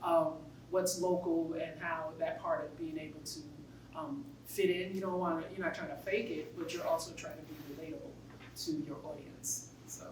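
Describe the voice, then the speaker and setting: A middle-aged woman with a New York accent, speaking casually to a class in a lowish voice and telling stories with plenty of animation. She sounds far from the mic in a roomy classroom, with faint background hiss. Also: normal speed. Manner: animated storytelling, laughs often. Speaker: guest speaker.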